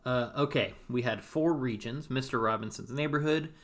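A man's voice: mid-range voice, moderate pace, over music. A man co-hosting a podcast, chatting casually and rambling with many fillers. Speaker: podcast co-host.

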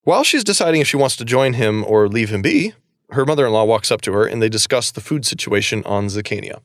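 A man's voice: on the low side, animated, fast talker, no echo, studio quality. A man co-hosting a podcast, recapping a book in casual chat; he rambles, laughs and swears casually.

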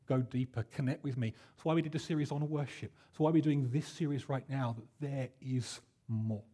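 A man preaching a sermon, telling stories with animated voices for the people in them. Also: medium pitch, moderate pace, slightly rough. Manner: animated storytelling, acting out voices in quotes. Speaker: pastor.

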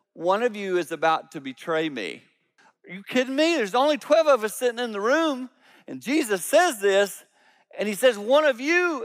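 Preaching in what sounds like a big room, a man who serves as lead pastor tells stories with animation. His delivery jumps from loud, emphatic high points to hushed, low asides.

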